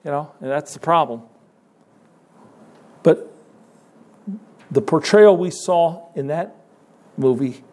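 A man's voice: fairly high pitch, darkish tone. A man preaching a sermon in a conversational way, with sudden emphatic rises.

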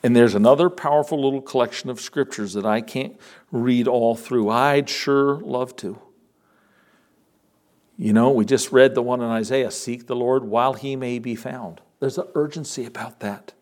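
A man preaching a sermon earnestly and urgently, swinging from loud rises to soft drops. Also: medium pitch, moderate pace. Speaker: pastor.

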